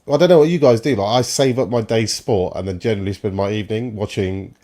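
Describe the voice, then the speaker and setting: A man's voice: fairly low pitch, fast, dark tone. A man co-hosting a football watchalong stream, riffing sarcastically in casual chat.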